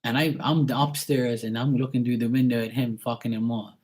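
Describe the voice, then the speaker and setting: Man, rambling rant, profane, heated, repetitive, mid-pitched voice. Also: fairly even intonation, fairly quick, darkish tone. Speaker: vlogger.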